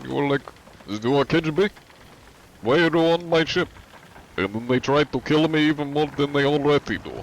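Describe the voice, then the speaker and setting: A man's voice: medium pitch, a little hiss or hum, pitched above the performer's own voice, lightly acted, rough recording. A man doing a big sweaty Russian man with a Russian accent and blunt, broken grammar.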